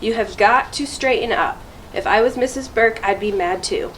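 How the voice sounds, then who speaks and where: A woman's voice: fairly high pitch, normal speed, fairly bright tone, slight background noise, lightly acted, low-quality recording. A woman reading aloud as a tired father firmly lecturing his son in a storybook. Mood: stern. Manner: firm, serious lecturing. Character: stern tired father of a boy.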